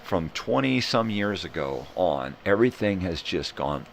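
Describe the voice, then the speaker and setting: A man hosting a live morning show, ranting in a rambling, profane, animated way. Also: deep voice, measured pace, vocal fry, noisy background. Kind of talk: casual rant.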